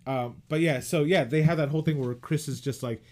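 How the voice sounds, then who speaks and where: A man casually chatting as a podcast co-host, retelling movie scenes in a loose, animated way, with lots of "like" fillers. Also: fairly high pitch, a little fast. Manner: animated retelling, acts out quoted lines. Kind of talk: casual chat.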